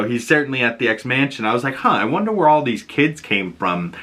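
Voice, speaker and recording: A man hosts a loose, rambling recap of a cartoon episode, full of fillers and casual swearing. His voice sits a little low but sounds bright and forceful. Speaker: host reviewing a cartoon episode.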